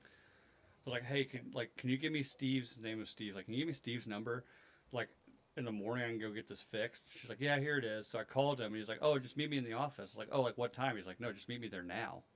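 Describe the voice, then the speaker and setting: A man in his thirties co-hosting a podcast, telling a loose, profane story. He acts out the other people's lines as he goes. His voice sits at an ordinary middle pitch. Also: fast talker. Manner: profane, animated anecdote telling with acted quotes. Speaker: podcast co-host.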